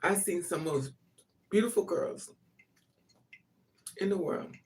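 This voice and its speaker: Blunt, profane storytelling from a person in a casual monologue. The voice sits at a middling pitch and keeps jumping into loud, emphatic bursts. The mic is set well back, so the sound sits at a distance. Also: measured pace, a little hiss or hum. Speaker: vlogger telling a personal story.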